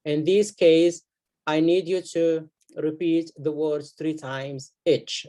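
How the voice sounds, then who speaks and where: A man's voice: fairly high pitch, flat delivery, takes it slowly, warm tone. A man teaching beginners to read Arabic letters and words, sounding each one out and repeating it for the learners. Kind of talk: beginner reading lesson.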